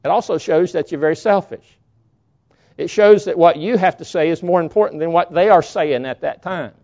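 A man's voice: on the high side, moderate pace, darkish tone. A man preaching a sermon in a folksy, storytelling way. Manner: folksy storytelling, acts out quoted voices. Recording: dull lo-fi recording.

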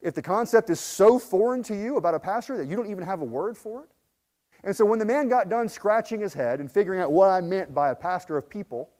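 A man with a high voice preaches a sermon, telling a personal story. He pushes hard on his key lines, then drops to a soft, low register, often stumbling over and repeating his words. He sounds like a pastor speaking from the heart. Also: expressive, fast. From United States. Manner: earnest, builds to emphatic peaks, then drops low and soft; frequent restarts and repeated words.

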